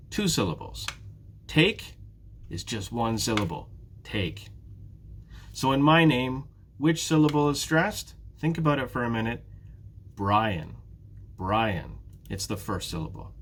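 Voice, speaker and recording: A man in a prerecorded English lesson for beginners, pacing himself so that students can follow. His voice sits at an ordinary middle pitch, and he says each example word more than once. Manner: slow, careful, repeats words for students. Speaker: ESL teacher.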